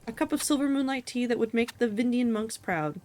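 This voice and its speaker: A woman's voice: on the high side, a little fast, mellow, lightly acted. A woman reading out a grand male warrior's lines as he savors tea, in a pompous, theatrical manner. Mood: grandiose. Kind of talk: reading game dialogue aloud.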